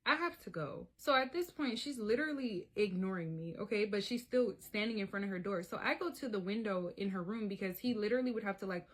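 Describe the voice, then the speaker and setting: A woman's voice: mid-range voice, quick pace, few pauses. A woman telling a personal story in a casual, profane way, often talking to viewers as y'all. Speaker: storyteller vlogger.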